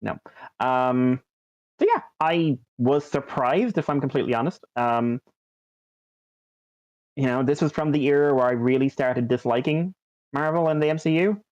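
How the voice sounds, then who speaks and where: A man's voice: medium pitch, normal speed, long pauses, a little mellow, no echo. Rambling man on a dull, dry podcast mic. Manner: rambling, lots of ums and likes. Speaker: podcast co-host. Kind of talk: casual chat.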